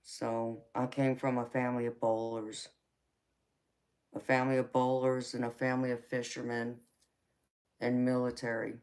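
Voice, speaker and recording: Southern-accented woman, flat even delivery. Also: a bass voice, moderate pace, long pauses, smooth. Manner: affectionate, calls viewers baby. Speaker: tarot reader and livestream host. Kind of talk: casual live chat with viewers.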